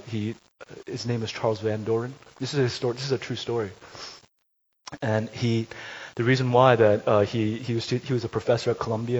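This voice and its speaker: A man preaching a sermon in an ordinary mid-pitched voice, moving from quiet storytelling to loud, emphatic peaks. The recording is dull and lo-fi, with a faint hiss underneath. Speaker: pastor.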